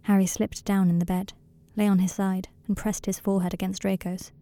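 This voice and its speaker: Gravelly-voiced woman reading softly. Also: medium pitch, little pitch movement, no room sound. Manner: slow, quiet, intimate reading. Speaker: narrator. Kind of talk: audiobook reading of fan fiction.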